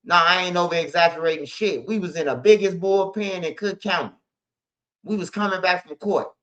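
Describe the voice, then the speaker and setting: A man's voice: high voice, a little fast, fairly bright tone. A man, a show host telling stories in a casual monologue, heavy on street slang and "bro". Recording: slightly dull lo-fi audio.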